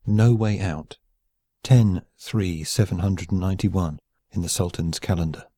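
A male audiobook narrator with a very low, dark voice. He reads steadily and evenly, close to the mic in a dead-dry room. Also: a little slow, no room sound. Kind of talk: scripted narration.

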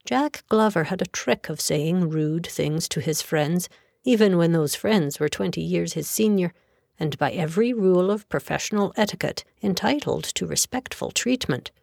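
A woman narrating a novel in a measured, even storytelling manner. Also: lowish voice, gravelly, dry recording, studio quality. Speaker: audiobook narrator. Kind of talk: scripted narration.

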